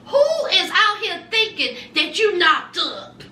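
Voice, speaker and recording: Sassy lady in her 40s recapping a reality show, slow drawn-out delivery, echoey room, off mic. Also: very high-pitched, sing-song, sharp tone, recorded from a distance, a little hiss or hum. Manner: sassy, emphatic, repeats lines for effect. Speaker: TV show reviewer.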